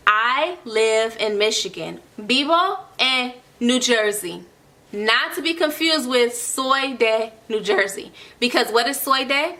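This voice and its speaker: A young woman tutoring Spanish in a casual online lesson, encouraging and slowly repeating phrases for learners. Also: on the high side, sharp tone.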